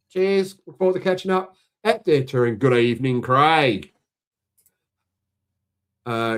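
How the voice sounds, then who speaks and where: A man's voice: mid-range voice, expressive, a little slow, pauses often, clean tone. A middle-aged Australian man co-hosting a casual livestream, chatty as he reads out viewers' greetings. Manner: chatty, reading out viewer shout-outs. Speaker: livestream co-host. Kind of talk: casual chat.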